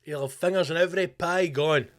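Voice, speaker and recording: A Scottish man hosting his podcast, delivering a sweary, animated comedic rant in a conspiratorial tone. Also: fairly high pitch, a little fast. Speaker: podcast host.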